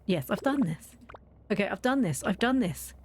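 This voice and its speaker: A woman's voice: mid-range voice, lively intonation, normal speed, slight background noise. A woman streaming a game, chatting and telling stories with frequent laughter. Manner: chatty, laughs often mid-story. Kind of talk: casual storytelling while gaming.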